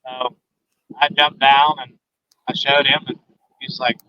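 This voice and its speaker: A man's voice: medium pitch, little pitch movement, slow. A man telling a story as a guest in a phone interview, earnestly retelling each exchange with many "I said" and "he said" remarks. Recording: dull lo-fi phone line.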